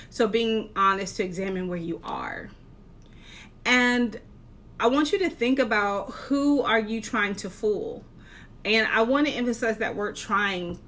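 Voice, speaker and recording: A woman life coach giving an earnest, encouraging talk, posing rhetorical questions with measured, deliberate delivery. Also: medium pitch, a bit bright. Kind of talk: motivational talk to camera.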